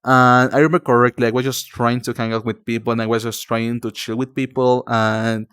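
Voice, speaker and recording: A man's voice: mid-range voice, level tone, brisk, fairly bright tone, clear, resonant tone, dry recording, studio quality. A young man from Mexico, a native Spanish speaker with a Mexican Spanish accent, chatting casually with stream viewers, rambling with many fillers and calling them darling. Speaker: livestreamer.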